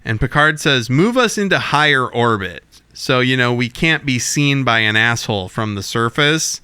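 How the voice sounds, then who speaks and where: A man co-hosting a podcast, retelling an episode in animated, profane casual chat. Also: medium pitch, moderate pace, clear, resonant tone, no room sound. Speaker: podcast co-host.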